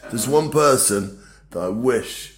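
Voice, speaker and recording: A middle-aged man, a podcast guest talking in a loud, laddish way with plenty of swearing. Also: medium pitch, lively intonation, slow, a crowd in the background. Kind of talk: casual chat.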